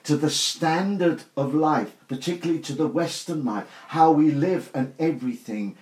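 A man's voice: fairly high pitch, moderate pace, a little mellow. An older man preaching an informal sermon to a small group, earnest and emphatic, asking rhetorical questions. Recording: roomy echo.

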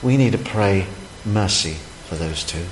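Male preacher, slow deliberate delivery, echoey church hall with long reverb. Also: sits low, lively intonation, a little hiss or hum. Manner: emphatic preaching, rhetorical questions, pauses. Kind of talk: sermon. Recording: echoey hall, faint ambience.

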